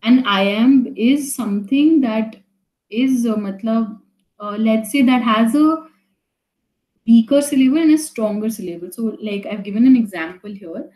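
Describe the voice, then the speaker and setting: Young woman, teacher, mellow tone, halting with fillers, echoey room. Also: fairly high pitch. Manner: halting, many fillers, mixes in Hindi phrases. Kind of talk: online class lecture.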